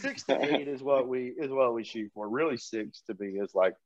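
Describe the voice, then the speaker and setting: A man who works as a hunting outfitter, talking casually on a podcast in a relaxed, plain-spoken way with many fillers. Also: medium pitch, moderate pace, over a noisy crowd. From Kansas. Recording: dry, slightly dull podcast mic.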